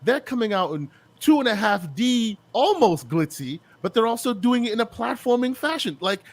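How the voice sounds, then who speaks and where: A man's voice: very high voice, big pitch swings, normal speed. A man co-hosting a gaming podcast, bantering playfully like a hype man and calling people "sir". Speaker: podcast co-host. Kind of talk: casual gaming podcast chat.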